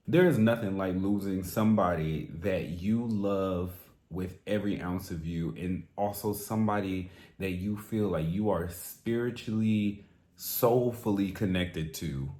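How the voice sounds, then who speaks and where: A man hosting a music reaction, talking straight to the singer in a theatrical, animated way. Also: on the low side, reverberant. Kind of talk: casual song reaction commentary.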